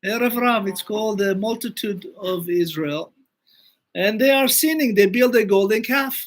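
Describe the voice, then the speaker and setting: A man's voice: sits high, normal speed. A man, a rabbi teaching a Torah class and telling stories, acting out the quoted speech with animation.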